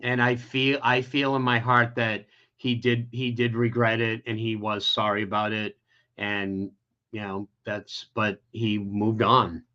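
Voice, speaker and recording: A man's voice: lowish voice, little pitch movement, a little slow, bright, forceful tone. A man as an interview guest, telling a personal story in an emotional, rambling way with many restarts. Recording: dull lo-fi audio.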